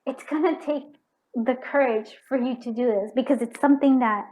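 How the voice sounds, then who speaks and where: A woman's voice: on the high side, steady tone, moderate pace, a little mellow, rough recording. A woman giving a pick-a-card tarot reading, effusive and emotional, with frequent restarts. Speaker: tarot reader.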